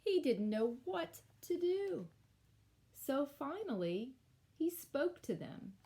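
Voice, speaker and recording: Woman teacher, children's story read-aloud, lively sing-song pitch, unhurried, slightly high voice. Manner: expressive, drawn-out storytelling with asides. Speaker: elementary school teacher. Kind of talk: reading a picture book aloud to children.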